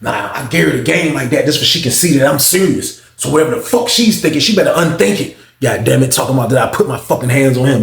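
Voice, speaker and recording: A man telling a story from his own past in a casual, profane way, acting out both sides of the conversations with lively energy. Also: medium pitch, fast talker, vocal fry, few pauses, echoey room.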